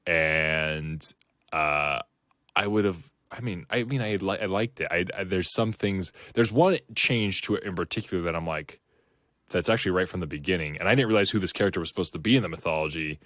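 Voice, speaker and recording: A man's voice: low voice, brisk, a bit bright, no room sound, studio quality. A man co-hosting a podcast, talking casually and rambling with lots of fillers and restarts. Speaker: podcast co-host. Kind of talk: casual chat.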